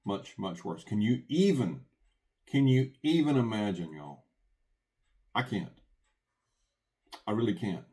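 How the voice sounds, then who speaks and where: A man's voice: lowish voice, big pitch swings, slow, long pauses, dark tone. A man hosting a prepping channel, giving earnest, folksy commentary and reading scripture aloud.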